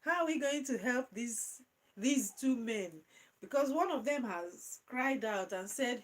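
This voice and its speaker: A high-pitched woman hosts a live-stream chat, reading viewer comments aloud. She speaks slowly and playfully and keeps breaking into giggles as she talks. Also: poor audio. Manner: giggles often, laughing through her words; playful and animated, addressing viewers by name. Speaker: channel host.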